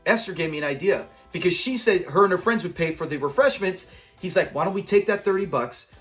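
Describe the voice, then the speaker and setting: A man with a high voice gushes through an episode breakdown, slipping into the characters' lines as he recaps. Faint music sits under his talk. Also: brisk, a bit bright. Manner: enthusiastic, acts out quoted lines. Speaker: channel host.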